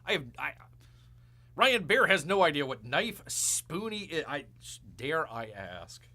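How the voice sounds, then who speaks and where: A man's voice: a little high, very animated, slow pace, pushed and bright. A man hosting a live show, rambling through casual commentary and calling himself Bear with jokey, mock-outraged asides.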